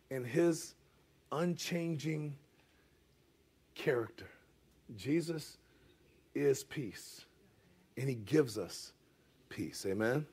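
A man's voice: on the high side, a little mellow, slightly rough. A middle-aged man preaching a conversational sermon as pastor, often asking the congregation "amen?" and dropping casual asides.

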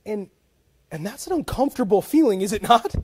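A man preaching a sermon as a pastor, telling stories with humor in a conversational way. He is animated, dropping to soft asides and then rising into loud, emphatic bursts. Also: sits high, a little fast, husky. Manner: conversational, with frequent "like" and repeated starts.

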